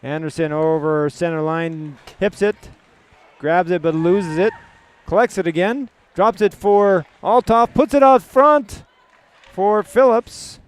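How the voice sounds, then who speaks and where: A Canadian man calling youth hockey play-by-play in quick clipped phrases. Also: high voice, fairly even intonation, clear, resonant tone. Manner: rapid clipped puck-by-puck calls. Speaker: play-by-play commentator.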